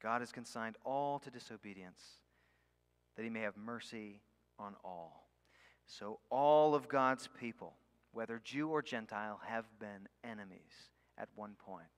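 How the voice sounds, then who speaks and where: A man preaching a sermon. He leans hard on key words, slows right down on them, and sometimes drops almost to a whisper. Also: lowish voice, fairly bright tone. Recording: long hall reverb.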